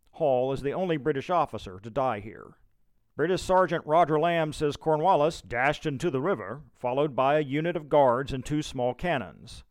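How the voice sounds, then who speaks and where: A man narrating a scripted historical audio tour in a measured, steady reading voice. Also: mid-range voice, dry recording. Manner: measured, steady reading with brief quoted shouts.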